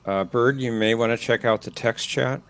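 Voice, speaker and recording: A man's voice: mid-range voice, moderate pace, fairly bright tone, smooth. A man in a casual group voice chat, dry and teasing.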